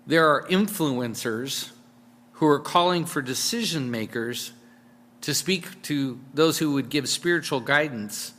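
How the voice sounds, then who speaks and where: A man's voice: medium pitch, a bit bright, big-room sound. A male pastor preaching a sermon in a casual, conversational way, with fillers and repeated words.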